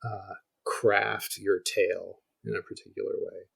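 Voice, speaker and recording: A man's voice: low voice, little pitch movement, a little slow, gravelly, a bit bright, husky, rough recording. A middle-aged man, a guest scholar, explaining ancient music in conversation, thinking aloud with frequent restarts. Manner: thinks aloud, restarts often, demonstrates on guitar.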